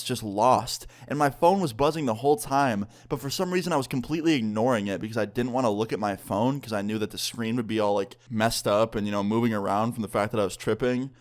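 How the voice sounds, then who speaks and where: A young man telling a story in a casual vlog, animated and rambling, with lots of "like". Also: mid-range voice. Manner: animated, rambling, heavy use of "like". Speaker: vlogger.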